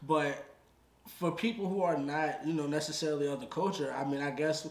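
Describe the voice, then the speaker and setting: A man co-hosting a relaxed reaction show, working through his thoughts aloud in an easygoing way. His voice sits a little high. The room has a noticeable echo. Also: fairly quick. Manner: easygoing, thinks aloud with restarts. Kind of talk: casual reaction chat. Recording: roomy echo.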